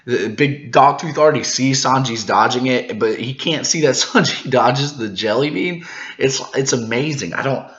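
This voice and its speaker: A man hosting a manga reaction video, recapping the chapter in a casual, excited way, laughing often and tripping over his words when he gets hyped. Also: mid-range voice, normal speed, reverberant, lo-fi sound. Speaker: manga reaction channel host.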